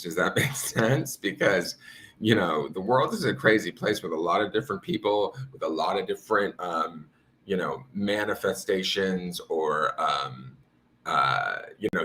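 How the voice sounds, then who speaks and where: A man with a deep voice streams a tarot reading from his home altar. His tone is bright and forceful. He talks to his viewers in a loose, meandering way. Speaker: tarot reader.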